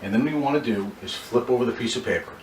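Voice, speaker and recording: A man teaching car sales, heard from across an echoey room with a faint noise bed. He coaches in a running, practical way and keeps restarting sentences as he plays out little exchanges. His voice sits at a mid pitch for a man. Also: racing, distant mic. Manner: coaching, role-plays dialogue, frequent restarts. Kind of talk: sales training talk.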